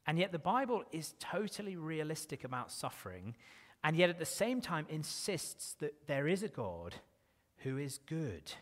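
A man preaching a sermon in a church, earnest and dropping to a hush on key phrases. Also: a little high, very animated, moderate pace. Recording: long reverb of a church hall.

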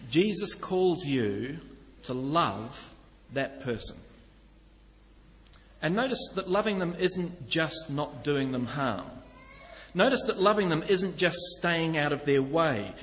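A New pastor gives an earnest sermon, talking straight to his congregation. His voice is fairly high for a man and echoes through a large hall. The sound is slightly muffled. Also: lively intonation, slow, a little hiss or hum. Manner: earnest teaching, direct address to listeners.

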